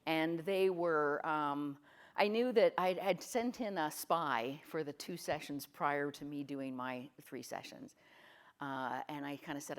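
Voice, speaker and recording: Speaking at a moderate pace in a conference room, a middle-aged woman from Canada with a notably low voice appears as a conference guest. She asks the audience questions and tells stories with energy, frequently acting out others' words.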